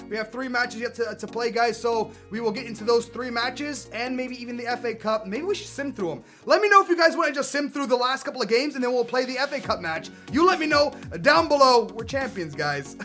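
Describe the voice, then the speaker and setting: This excitable young gaming YouTuber has a high voice and provides live gameplay commentary. He yells at the game, then drifts into casual rambling.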